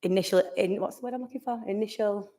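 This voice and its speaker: A woman presents to a conference room with an upbeat, enthusiastic delivery. She often restarts her sentences and stops to search for a word. Her pitch sits in an ordinary middle range for a woman. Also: fast talker, dark tone. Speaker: conference speaker.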